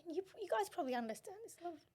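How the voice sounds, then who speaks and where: A young adult woman from Myanmar, a guest in a podcast interview, telling her story in an animated way, laughing often and acting out what others said. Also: very high voice. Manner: animated storytelling, quick laughs, acts out quotes. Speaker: guest, human rights activist.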